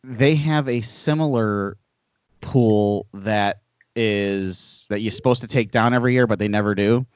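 A man's voice: fairly low pitch, unhurried, smooth, dry recording. Man, podcast host, rambling storyteller, dry close sound, slightly dull audio. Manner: rambling storyteller, animated asides. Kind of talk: casual chat.

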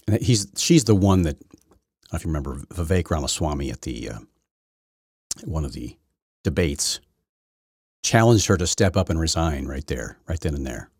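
A man's voice: very deep voice, sing-song, moderate pace, long pauses, darkish tone, slightly rough, dry recording, clean studio sound. A man hosting his own political talk show, delivering an opinionated, rambling monologue full of restarts. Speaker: podcast host.

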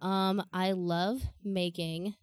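A woman's voice: fairly low pitch, level tone, slow pace, darkish tone, no echo, clean studio sound. A young woman as a podcast guest in casual chat, laughing often and swearing freely.

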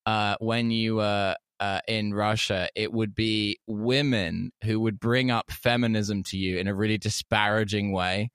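A man's voice: fairly low pitch, a little slow, few pauses, smooth, dry recording, clean studio sound. An English man chatting casually on a podcast, telling profane stories and acting out the quotes. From England. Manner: profane, animated storytelling with voiced quotes.

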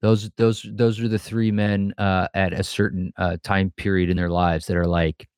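A man co-hosting a podcast in a relaxed, joking chat, swearing freely. His voice is low and the recording is dry and close. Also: normal speed, smooth, no echo. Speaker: podcast co-host. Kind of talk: casual chat.

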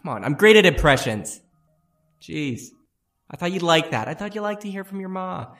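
A man's voice: sits high, lively intonation, moderate pace, a bit bright, faint music behind, pitched above the performer's own voice. A man voicing a sly, bored male beast in a tabletop game, coaxing and playful with a folksy manner. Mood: teasing.

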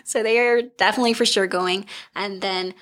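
A woman's voice: mid-range voice, steady tone, fairly bright tone. A woman co-hosting a podcast, giggling and chiming in casually while recapping a film. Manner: giggly, quick agreeing replies. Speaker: podcast co-host. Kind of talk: casual film review chat.

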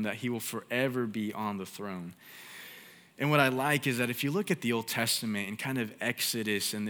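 Bright-voiced young preacher. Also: male voice, mid-range voice, in a large hall. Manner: casual, conversational, with filler "like". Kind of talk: sermon.

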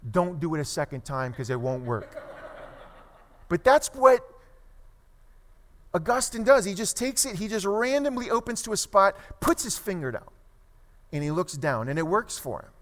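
A man preaching a sermon, telling a story with animated delivery and asking his listeners questions. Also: fairly high pitch. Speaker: pastor. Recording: long hall reverb.

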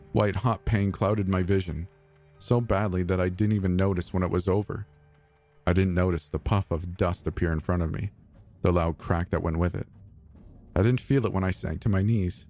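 A man narrating a scripted horror story in the first person with a measured, deliberate delivery. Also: low voice, a little mellow.

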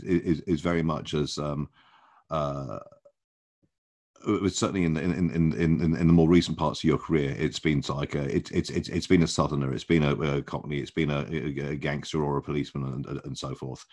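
A man's voice: very deep voice, fairly even intonation. A man hosting a podcast and asking interview questions, hesitating often and repeating words. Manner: halting, with many repeated words.

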